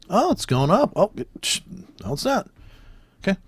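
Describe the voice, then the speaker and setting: A man's voice: high voice, very animated, moderate pace, slightly rough, no echo. A man giving profane, sarcastic, exasperated commentary on trading charts while scrolling through them. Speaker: trader commenting on price charts.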